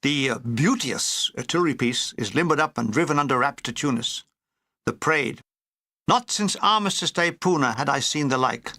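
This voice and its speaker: A man's voice: mid-range voice, expressive, normal speed, bright, forceful tone, no room sound. A man reading a comic war memoir aloud with dry, wry storytelling. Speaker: audiobook reader.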